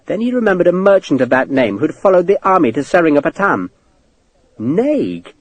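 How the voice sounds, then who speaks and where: Lively male audiobook narrator. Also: on the high side, fast, dry recording. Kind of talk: scripted narration.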